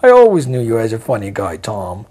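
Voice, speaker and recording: A man voicing a deep-voiced male kidnapper who taunts and laughs over a phone line, with a husky voice. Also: wildly swooping pitch, a little fast, mellow. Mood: mocking.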